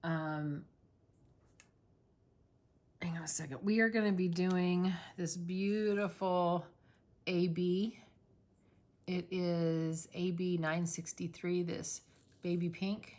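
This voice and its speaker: A woman's voice: lowish voice, fairly even intonation, slow pace, long pauses, a little mellow. A woman hosting a crafting channel, chatting casually and in a rambling way while she works on a diamond painting. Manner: rambling and chatty, many fillers.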